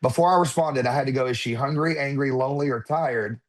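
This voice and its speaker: A man's voice: medium pitch, quick pace. A man in his thirties, a podcast guest, telling a personal story in conversation and acting out what his children said. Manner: animated, acts out quotes of his children.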